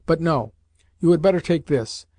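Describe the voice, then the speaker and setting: A man's voice: a little high, moderate pace, a little mellow, dry recording, close to an everyday voice. A man voicing a stern, condescending male professor who speaks in a clipped, scolding way. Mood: scornful.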